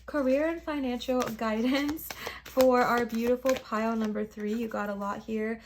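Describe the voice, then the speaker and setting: A woman's voice: a little high, fairly even intonation, moderate pace, a little hiss or hum. Emphatic, reassuring young woman reading tarot. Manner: emphatic, reassuring, slangy, talks straight to viewers as besties. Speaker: tarot reader. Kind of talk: casual tarot card reading to camera.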